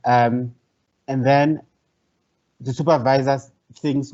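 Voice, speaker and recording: A man's voice: medium pitch, unhurried, darkish tone. A man, a professor giving an online workshop lecture in a conversational, hesitant way, repeating phrases. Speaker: professor leading a training workshop. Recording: dull, lo-fi online call audio.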